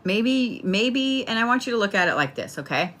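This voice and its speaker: A woman's voice: on the high side, very animated, moderate pace, fairly bright tone. A woman giving a casual spoken horoscope reading, talking bluntly and playfully with plenty of swearing. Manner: blunt, profane, chatty, playful. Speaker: tarot and astrology reader.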